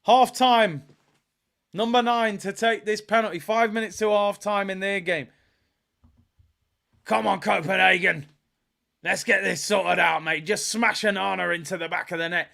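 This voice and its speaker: A man hosting a live football watchalong, bantering and trolling rival fans, bursting into shouts at big moments. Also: high-pitched, steady tone, measured pace, creaky, pauses often.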